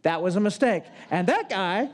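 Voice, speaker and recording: A man in his fifties telling a personal story in a sermon, in an animated, self-mocking way. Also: high voice, moderate pace. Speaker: preacher.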